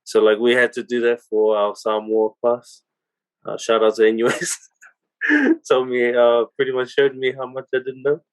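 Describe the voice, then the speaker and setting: A man's voice: mid-range voice, steady tone, moderate pace, low-quality recording. A man co-hosting a podcast, telling a story in casual chat with lots of laughs and fillers. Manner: laughs often, many fillers. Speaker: podcast co-host.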